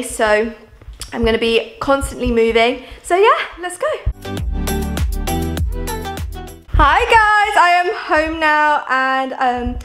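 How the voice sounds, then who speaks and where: A woman's voice: a little high, fairly bright tone. A young woman from Jersey, chatting casually to camera in a home vlog, full of "like" and "um" fillers. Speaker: vlogger. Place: at home indoors. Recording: roomy echo.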